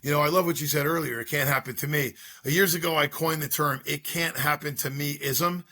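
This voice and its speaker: A man's voice: fairly high pitch, steady tone, fairly quick, bright, forceful tone. A middle-aged man, a school drug-prevention speaker, telling his story in an interview with earnest, repetitive rhetorical questions.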